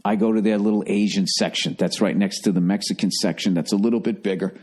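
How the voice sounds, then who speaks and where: Middle-aged man, podcast host, casual comic storytelling, profane and rambling, animated delivery. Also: lowish voice, quick pace, breathy edge. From America.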